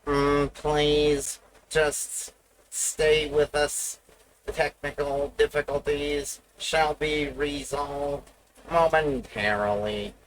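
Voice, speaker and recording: A man's voice: fairly high pitch, little pitch movement, slight background noise, rough recording. A man voicing a male robot announcer, drawing out formal, stand-by style announcements. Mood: droning. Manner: drawn-out, formal announcement delivery. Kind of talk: live stream.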